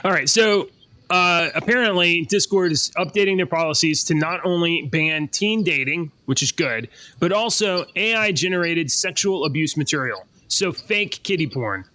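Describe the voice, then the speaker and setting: Male podcast cohost, bright tone, blunt and opinionated. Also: a little high, expressive, normal speed. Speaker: podcast co-host. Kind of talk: casual podcast chat.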